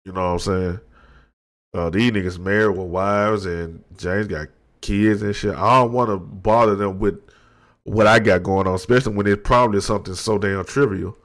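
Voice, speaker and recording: Man, thirties, low voice, soft confessional monologue, halting restarts, desk microphone. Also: steady tone. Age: 30s. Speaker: podcast host. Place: at his desk.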